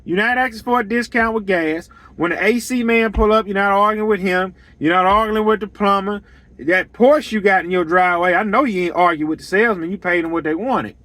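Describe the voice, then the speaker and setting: A man's voice: high voice, a little fast, sharp tone, no room sound. A man who runs a lawn care business, giving blunt, emphatic advice on pricing and repeating his points to drive them home. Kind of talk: straight-talking business advice monologue.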